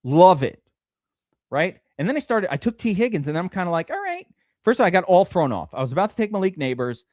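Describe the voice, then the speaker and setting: A man hosting a live-stream fantasy draft, talking in an excitable, rambling way and swearing often. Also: high voice, quick pace, no room sound, studio quality. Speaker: streamer host.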